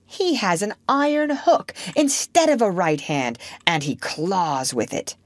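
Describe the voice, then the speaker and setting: A woman reading the part of a bold, commanding boy leader in a storybook, in a sharp manner. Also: mid-range voice, lively intonation, unhurried, no room sound. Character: boastful bold boy leader of lost boys. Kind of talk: audiobook character reading.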